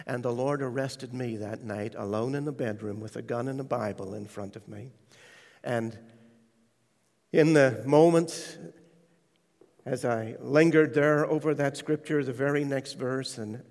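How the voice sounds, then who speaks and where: A man preaching a sermon, telling his testimony with hushed, tender stretches and sudden loud quoted voices. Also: medium pitch, a little slow. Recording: large hall reverb.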